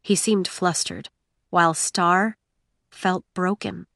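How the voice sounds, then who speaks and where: A woman narrating a story in a measured, gentle storytelling voice. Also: fairly low pitch, fairly even intonation, vocal fry, no echo, clean studio sound. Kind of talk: audiobook narration.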